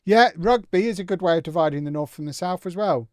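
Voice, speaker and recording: A man's voice: high voice, fast talker, few pauses, a little mellow, dry recording, clean studio sound. A young man hosting a casual live gaming stream, reading out chat and answering it with playful, teasing banter.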